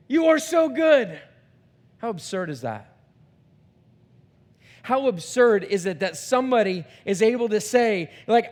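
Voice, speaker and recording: A middle-aged man preaching a sermon in a church, his voice swinging from quiet to shouting, often repeating words as he thinks. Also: very high voice, animated, unhurried. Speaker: pastor. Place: church sanctuary.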